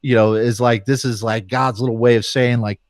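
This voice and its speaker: Animated man telling a story, dry mic. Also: medium pitch, normal speed, dry recording. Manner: animated, acts out quoted voices. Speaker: podcast guest, former fighter. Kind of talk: casual storytelling.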